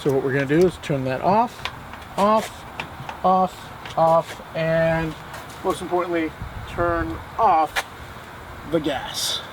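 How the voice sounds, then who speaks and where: A man's voice: a little high, slow, pauses often, noisy background. A man hosting a casual cooking show, joking and hamming for the camera as he walks through each step. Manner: jokey and playful, hamming for the camera. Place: outdoor grill, then a home kitchen.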